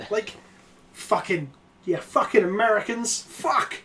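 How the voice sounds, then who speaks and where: A young man chatting on a game stream, sweary and quick to get worked up. His pitch swings widely from low mutters to loud outbursts. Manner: sweary, excitable, breaks into shouting and laughter. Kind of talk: casual chat on a game stream.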